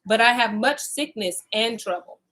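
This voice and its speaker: A woman's voice: a little high, normal speed, sharp tone, rough recording. A woman reading the lines of a weary, grieving old man who is dying, in her own voice. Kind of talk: reading scripture aloud.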